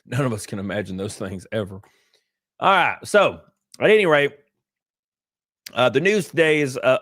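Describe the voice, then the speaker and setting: Animated, profane man streaming live. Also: medium pitch, moderate pace, pauses often, no echo, clean studio sound. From California. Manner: profane, laughing, acts out other people's voices. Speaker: livestream host. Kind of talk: casual livestream commentary reading chat.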